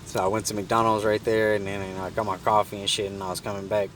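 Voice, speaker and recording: Low-voiced man telling a profane story. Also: quick pace, distant mic, slight background noise. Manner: animated, profane, acts out the people in his story. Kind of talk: casual storytelling.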